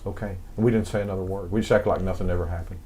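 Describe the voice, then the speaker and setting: A man's voice: low-pitched, steady tone, very fast, dark tone, slight background noise. An older man with a Southern accent, telling rambling stories in a casual studio interview, full of fillers and restarts. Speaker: guest, wrestling music composer.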